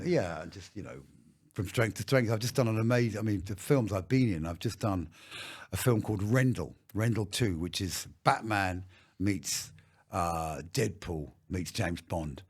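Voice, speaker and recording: A man's voice: on the low side, moderate pace, breathy edge. A man in his fifties, an actor and director, telling anecdotes in a casual interview and swearing freely. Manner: swears freely, tells anecdotes with put-on voices. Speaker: actor and director, podcast guest.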